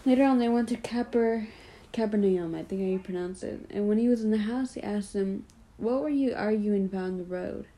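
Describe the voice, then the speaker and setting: A woman retelling a Bible passage in a loose, chatty way, full of "like" and "you know" asides, pausing to explain what it means. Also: medium pitch, mellow, poor audio. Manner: explains and paraphrases the text in her own words. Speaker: Bible study leader. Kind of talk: casual Bible story retelling.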